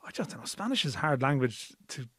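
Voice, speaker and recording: An Irish man talking football on a podcast, musing his way through anecdotes with a few hesitations. His voice sits at an ordinary middle pitch. The recording is dry and close. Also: very animated, fast, fairly bright tone, breathy edge, no echo. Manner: conversational, rambling, thoughtful. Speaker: sports journalist on podcast. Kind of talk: casual sports podcast chat.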